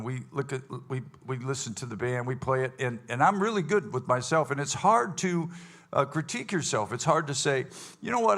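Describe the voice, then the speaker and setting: A man's voice: medium pitch, a bit bright. A man leading his band's casual question session with a live audience, rambling and folksy, full of fillers and restarts. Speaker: bandleader hosting a audience Q&A. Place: event hall with live audience.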